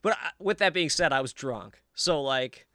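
A man co-hosting a podcast in casual chat, excitable and profane, often acting out quotes. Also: fairly high pitch, normal speed, no room sound, studio quality. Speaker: podcast co-host.

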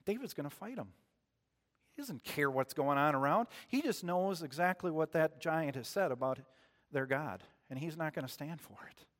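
A man preaching a sermon in a church, retelling stories in a relaxed, conversational way and putting questions to the congregation. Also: on the high side, normal speed, in a large hall.

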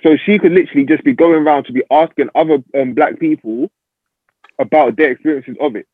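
A man's voice: a little high, fairly quick, breathy edge, no echo. A man in a casual podcast discussion, hesitantly questioning an assumption. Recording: dry phone-like line.

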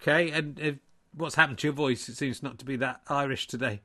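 A man hosting and commentating on a comic snooker stream in a deadpan, rambling way. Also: medium pitch. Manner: deadpan, rambling, quick asides. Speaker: comedy host and snooker commentator.

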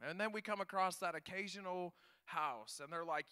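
A man preaching a sermon, telling stories with animated enthusiasm. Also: high-pitched, normal speed, few pauses, clear, resonant tone. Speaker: pastor.

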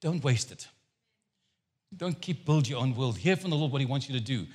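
A man preaching a sermon as a guest speaker, telling stories with jokes and an animated, lively delivery. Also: medium pitch, normal speed. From Jewish background. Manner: animated, joking storyteller.

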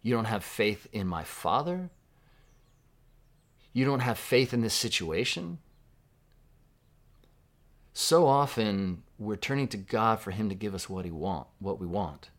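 A man with a fairly low voice delivers a sermon in a relaxed, conversational manner. He muses aloud, asks questions of his listeners, and drops to a hushed tone for quoted words. He is from Southern California. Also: a little slow, long pauses. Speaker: pastor.

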